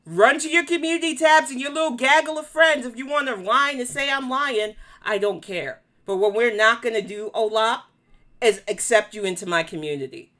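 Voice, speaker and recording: A woman's voice: a little high, moderate pace, fairly bright tone. A woman with a New York accent hosting a live commentary stream, blunt, profane and confrontational as she answers her chat. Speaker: commentary livestream host.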